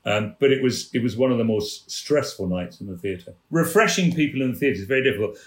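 A man, a theatre producer, tells anecdotes on a chat show. His mid-pitched voice is animated and keeps breaking into laughter. The studio adds a roomy echo. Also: brisk.

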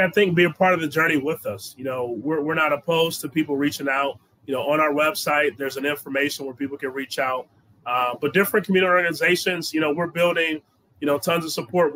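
A man who co-founded a company answers interview questions in an earnest way, filling pauses with "you know". His voice is bright and forceful, with faint noise in the background. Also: on the high side, low-quality recording. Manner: earnest, filler-heavy, says "you know" often.

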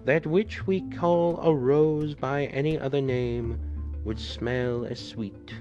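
A man's voice: mid-range voice, fairly even intonation, slow, darkish tone, dull audio, soft background music, pitched above the performer's own voice, natural voice. A man voicing an older actress woman declaiming verse on a stage in a storybook reading. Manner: declaiming, theatrical.

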